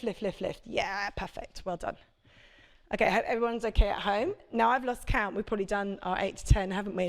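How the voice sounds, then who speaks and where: A woman's voice: mid-range voice, creaky. A woman, a prenatal fitness instructor, coaching a live workout class with chatty, encouraging cues and check-ins.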